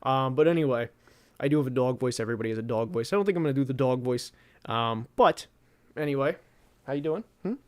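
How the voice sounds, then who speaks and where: A man's voice: mid-range voice, fast talker, darkish tone. A young man hosting a casual football podcast, rambling with lots of fillers and restarts. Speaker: podcast host.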